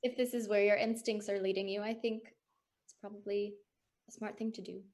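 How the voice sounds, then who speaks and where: A woman playing in a tabletop game, speaking in a quiet, measured way. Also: medium pitch, flat delivery. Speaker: player. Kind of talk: tabletop role-play.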